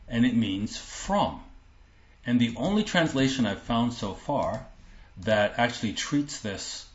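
A man giving a sermon, reading scripture aloud and explaining it in an earnest, emphatic way, often repeating himself. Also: on the low side. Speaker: Bible teacher. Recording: roomy, dull lo-fi recording.

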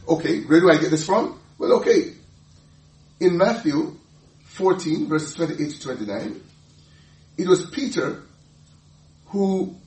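A man teaching the Bible, animated and laughing often, restarting his sentences. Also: high-pitched, reverberant, distant mic.

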